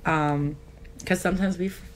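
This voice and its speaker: Chatty woman podcast host, lowish voice. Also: fairly even intonation, moderate pace, a little hiss or hum. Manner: chatty, leans on "like" fillers. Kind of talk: casual chat interview.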